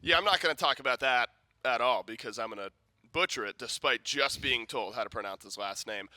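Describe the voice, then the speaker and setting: A man's voice: mid-range voice, brisk, bright, forceful tone, dry recording. A man analyzing an esports match at the desk, talking conversationally with frequent restarts. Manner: conversational, many restarts and fillers.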